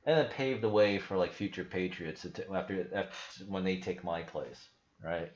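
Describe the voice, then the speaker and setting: A man's voice: sits low, moderate pace. A man hosting a casual livestream with rambling, profane talk full of restarts. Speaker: crypto channel host. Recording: roomy, slightly dull sound.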